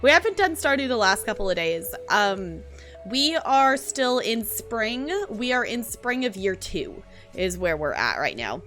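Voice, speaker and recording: A woman's voice: mid-range voice, big pitch swings, unhurried. A young woman, chatting casually with her stream audience, rambling with lots of fillers and restarts. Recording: faint background music. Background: soft lo-fi music.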